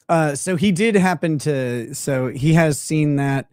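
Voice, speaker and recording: A man's voice: a little high, animated, a little slow, few pauses, darkish tone, no room sound, clean studio sound. A man hosting a livestream in casual chat, blunt and profane, laughing often. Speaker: livestream host.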